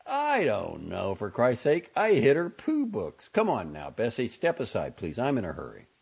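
A man voicing an irritable, hurried young man who talks curtly and sarcastically, in a storybook reading. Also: on the low side, wildly swooping pitch, husky, highs cut off, exaggerated voice. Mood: impatient. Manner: curt, impatient, sarcastic.

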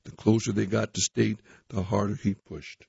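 A man reading a youth magazine aloud, articles and a story, in a plain, steady manner. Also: lowish voice, moderate pace, vocal fry, slightly rough, dry recording. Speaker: reader. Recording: dull, dry recording.

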